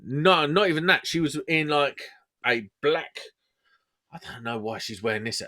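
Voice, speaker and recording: A man's voice: fairly high pitch, lively intonation, normal speed, bright, forceful tone. A man hosting a podcast, telling stories in casual, laddish banter. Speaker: podcast host. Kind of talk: casual storytelling chat.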